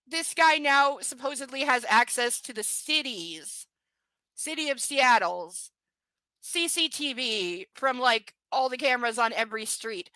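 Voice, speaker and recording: A woman's voice: sits high, a little slow, bright, forceful tone, dry recording, poor audio. A woman doing a live book reading, breaking off into sarcastic, exasperated commentary with swearing. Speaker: reader and commentator.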